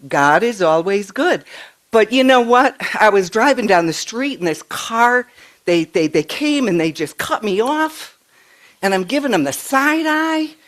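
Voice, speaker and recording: An older woman minister giving a relaxed, conversational sermon in a church. She tells stories in an animated way, keeps her voice in a middle pitch, and often repeats words as she restarts her sentences. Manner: chatty, animated storytelling with frequent restarts. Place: church sanctuary.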